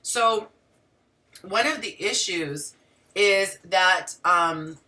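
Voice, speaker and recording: Bright-voiced woman coach, slightly off-mic. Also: medium pitch, very slow, recorded from a distance. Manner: animated, talks to the audience directly with frequent asides. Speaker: relationship coach and show host. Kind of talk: casual livestream talk to viewers.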